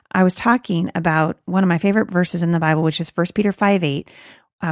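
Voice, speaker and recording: A woman's voice: on the low side, darkish tone, dry recording, clean studio sound. A middle-aged woman teaching a Bible series to parents in an earnest, conversational way, often asking rhetorical questions.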